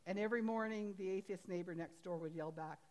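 A woman's voice: on the low side, fast, a little mellow. A woman pastor preaching a sermon in a homely, chatty way, laughing at herself now and then. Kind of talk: sermon with storytelling.

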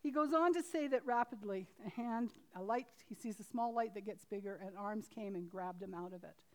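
A woman preaching a sermon and reading a story aloud from a book. She talks earnestly and haltingly, full of restarts, and swings from loud emphasis to a hushed hush. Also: mid-range voice.

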